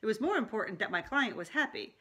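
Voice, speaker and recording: A middle-aged woman life coach talking casually to camera in a chatty, animated way, often laughing. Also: a little high, fast talker, slightly rough. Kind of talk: casual talking-head vlog.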